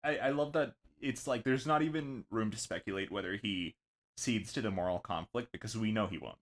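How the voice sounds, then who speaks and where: A male podcast co-host with a somewhat low voice, speaking in a relaxed, conversational way. He mostly backs up his partner and adds brief remarks about the story. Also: fairly quick. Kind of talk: casual manga book-club discussion.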